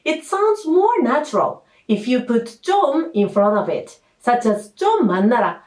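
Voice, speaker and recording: A woman teaching a language lesson in a clear, patient way, with playful asides. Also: fairly high pitch, very animated, brisk, a little mellow. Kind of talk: scripted lesson narration. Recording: roomy echo.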